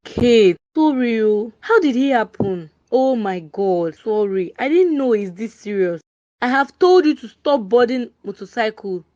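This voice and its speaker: A woman voicing a caring friend and mother, gentle in manner. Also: fairly high pitch, animated, measured pace, muffled recording.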